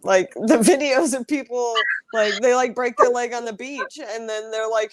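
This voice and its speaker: A woman's voice: a little high, normal speed. A woman hosting a casual livestream chat about aquarium fish, talking in a rambling, upbeat way. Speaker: host.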